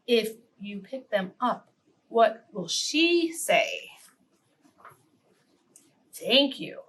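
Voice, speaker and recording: A woman reading a picture book aloud to preschool children, animated and pausing to ask her young listeners questions. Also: fairly high pitch, husky. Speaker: children's story reader.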